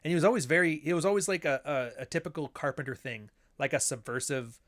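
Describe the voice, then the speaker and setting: A man's voice: on the high side, lively intonation, fast, a bit bright. A man who writes books, riffing casually on old films. He rambles, swears freely and acts out quoted lines. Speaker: author and host. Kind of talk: casual film commentary.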